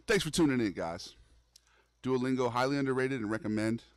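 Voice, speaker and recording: This mid-range male voice moves at a fairly quick clip with no room sound. He's a young guy livestreaming a horror game, bantering with his audience in relaxed, slang-heavy chat and addressing them as "bro."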